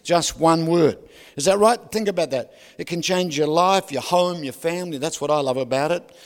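Lively preacher, long hall reverb. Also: male voice, a little high, moderate pace. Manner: loud, animated, keeps asking the crowd "is that right?"; jokey asides with laughs. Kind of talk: sermon.

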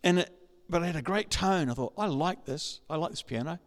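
A man preaching a sermon, telling a personal story and building up to excited shouting. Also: a little high, brisk. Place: large church hall. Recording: reverberant hall.

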